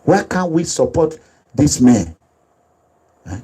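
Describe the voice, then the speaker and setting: A man's voice: fairly high pitch, animated, normal speed, pauses often, a little mellow, husky, rough recording. A man with a Nigerian accent giving emphatic, repetitive, preachy commentary as a political activist. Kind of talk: impassioned commentary over video.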